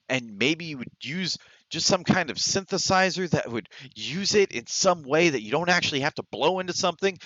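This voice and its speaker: A man's voice: a little high, a bit bright, no echo, dull audio. A man reviewing a movie in a blunt, exasperated rant, full of restarts and fillers. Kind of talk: ranting movie review vlog.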